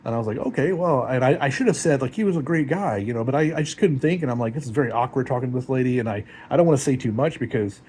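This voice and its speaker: A heartbroken man talking in a rambling, halting, emotional way in a personal confessional vlog. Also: mid-range voice, animated, mellow, slight background noise.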